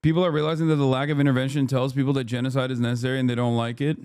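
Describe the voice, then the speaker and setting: Blunt profane streamer, smooth dry voice. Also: male voice, mid-range voice, little pitch movement, darkish tone, no room sound. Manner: blunt and profane, fast when reading. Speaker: streamer and political commentator. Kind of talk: live-stream commentary.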